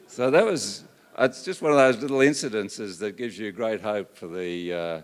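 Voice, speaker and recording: An older man giving a public lecture, telling stories in a halting way with many fillers. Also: on the low side. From Australia. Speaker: guest lecturer.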